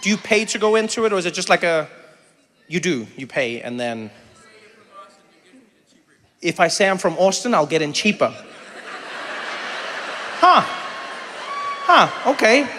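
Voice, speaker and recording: A South African man in his thirties works the crowd from a theater stage. His voice is high and bright, and it keeps breaking into loud impressions. A long hall reverb and faint audience noise sit behind him. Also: unhurried, pauses often. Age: 30s. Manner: animated, jumps into high shouted impressions. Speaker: stand-up comedian. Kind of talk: stand-up crowd work.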